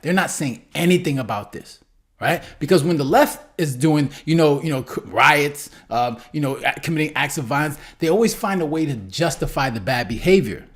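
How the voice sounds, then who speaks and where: Male commentary host, slightly higher voice, loose rambling reaction talk full of fillers. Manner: rambling, many fillers and restarts, keeps asking "right?".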